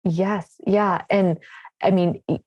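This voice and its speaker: A woman's voice: mid-range voice, fairly even intonation, slow pace, no echo, muffled recording. A woman hosting a podcast, speaking in a reflective, encouraging way. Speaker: podcast host. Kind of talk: conversational interview.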